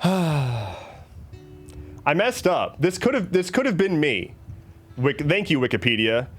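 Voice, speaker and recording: A man chats casually on his live stream, rambling and joking in a playful way. His voice sits slightly high and bounces lively up and down, with faint music playing under him. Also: takes it slowly.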